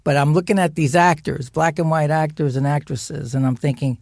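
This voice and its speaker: A man, a podcast guest, telling an animated, profane family story. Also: on the high side, normal speed, creaky, few pauses, no room sound, studio quality. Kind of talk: anecdotal storytelling.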